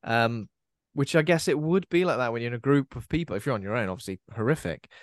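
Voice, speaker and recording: A man's voice: medium pitch, lively intonation, fast, no echo. A man hosting a podcast, talking casually about a horror film and often ending on tag questions. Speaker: podcast host.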